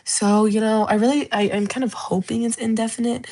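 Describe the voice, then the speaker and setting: A woman's voice: fairly high pitch, fairly even intonation, brisk, warm tone. A young woman hosting a livestream, chatting casually and rambling, often restarting her sentences as she searches for words. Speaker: livestream host.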